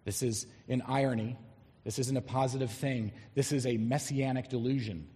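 A man preaching an expository sermon, emphatic and animated, reading scripture aloud and explaining it to a congregation. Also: medium pitch, normal speed. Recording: long hall reverb.

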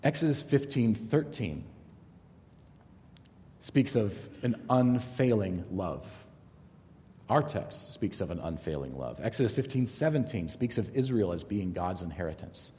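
A man's voice: fairly low pitch, a little slow, slight background noise. A middle-aged man teaching a Bible study in a conversational style, telling stories and jokes along the way. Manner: conversational, animated storytelling with jokes. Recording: long hall reverb.

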